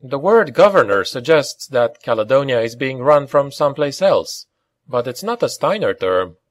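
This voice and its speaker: A stern mercenary colonel talks in a hard, level, commanding voice, as a male narrator puts him on. His audiobook lines move lively in pitch. The sound is close and dry. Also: normal speed, no echo, close to an everyday voice. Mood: probing.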